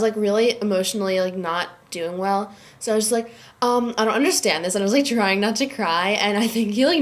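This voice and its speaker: Sick teenage girl rambling with "like". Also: medium pitch. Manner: chatty, fills every phrase with "like". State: sick and worn out. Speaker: vlogger. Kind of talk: casual chat to camera. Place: dorm room at a summer camp.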